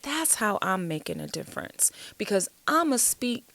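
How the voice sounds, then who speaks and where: Black woman poet talking on a chat show, uplifting and sing-song, pitch all over, bit of fry. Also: normal speed, no room sound. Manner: animated, uplifting, preacher-like cadence. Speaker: guest, spoken word poet. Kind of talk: casual interview talk.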